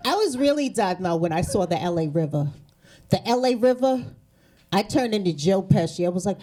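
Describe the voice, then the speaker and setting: Performing stand-up for a live audience, a New England woman trades in brash, profane humor and sarcastic punchlines. Her mid-range voice is expressive, moving at a moderate pace with frequent pauses. The stage mic picks up the crowd laughing along at her East Coast set.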